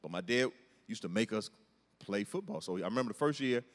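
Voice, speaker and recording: A man's voice: fairly low pitch, fairly quick. Guy doing stand-up, self-deprecating stories, voice swoops around, big echoey hall. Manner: storytelling, animated, self-deprecating. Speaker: stand-up comedian. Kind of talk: stand-up comedy set. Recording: hall reverb from a large venue.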